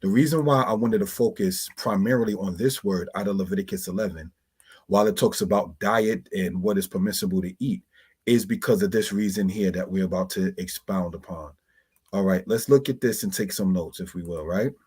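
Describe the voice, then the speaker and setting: A man teaching Hebrew words from slides, slowly spelling out terms and often calling his listeners brothers and sisters. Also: deep voice, darkish tone, husky. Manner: slow, deliberate spelling-out of words.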